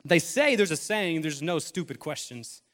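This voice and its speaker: Guy in his 30s preaching, slightly higher voice, chatty, cracks jokes and acts out little bits. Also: sing-song, normal speed, a bit bright, big-room sound. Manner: conversational preaching with humor and acted asides. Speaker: pastor. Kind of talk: sermon.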